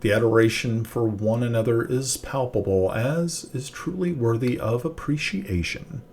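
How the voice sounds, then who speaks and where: A man voicing a young male priest who officiates a wedding in a formal, booming, solemn manner. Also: moderate pace, darkish tone, slight background noise, natural voice.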